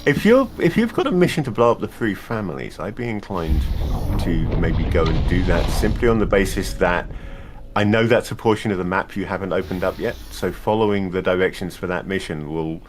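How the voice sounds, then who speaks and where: A man's voice: low-pitched, animated, brisk, noisy background. A man chatting casually over a video game, advising his co-player in a wry, rambling way with frequent restarts. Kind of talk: casual gaming chat.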